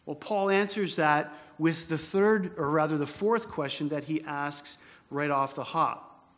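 A male pastor preaching an expository sermon in church, emphatic, slowing down to repeat key phrases. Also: fairly high pitch, a bit bright.

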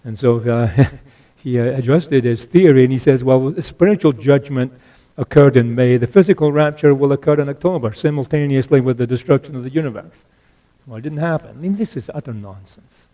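Preaching with brisk energy in a mid-range voice, this older man is earnest and keeps circling back to key phrases. His delivery shifts from booming exhortations to quiet asides.

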